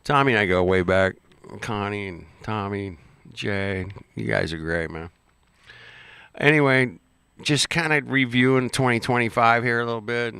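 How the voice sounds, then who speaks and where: A man's voice: fairly low pitch, normal speed, gravelly, pushed and bright, smooth, no room sound. A man rambling casually and swearing freely as he reacts to clips and chats to his viewers. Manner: rambling, swearing, laid-back. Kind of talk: casual profane chat.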